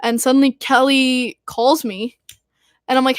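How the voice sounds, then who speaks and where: A woman's voice: high-pitched, unhurried, no room sound, clean studio sound. Gushing young woman. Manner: gushing, excitable fan talk with many fillers. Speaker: podcast host. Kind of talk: casual chat.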